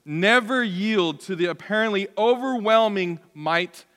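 A man's voice: high-pitched, fairly bright tone, in a large hall, pitched above the performer's own voice. A man doing a grumpy British bulldog leader. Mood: defiant. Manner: slow, defiant growl.

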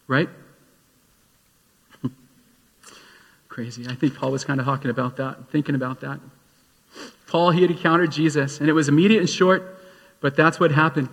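A male pastor delivering a sermon, moving from storytelling into emphatic appeals. His voice sits a little high and has a husky edge. It rings out with a long reverb, as if he is in a large hall. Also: moderate pace, pauses often, fairly bright tone. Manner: storytelling, rising to emphatic exhortation.

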